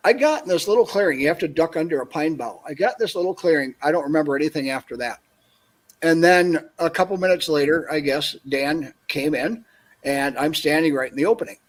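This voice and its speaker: A man from northern Minnesota, a guest, telling an animated story on a video call and acting out what people said. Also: fairly high pitch, brisk. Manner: animated anecdote, acts out quoted dialogue. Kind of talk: casual storytelling on a call-in show.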